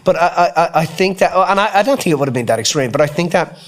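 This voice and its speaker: A man's voice: a little high, quick pace. A middle-aged man co-hosting a podcast, telling a family story in casual chat, acting out the voices with lots of restarts. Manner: animated storyteller, acts out quoted dialogue, frequent restarts. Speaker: podcast co-host.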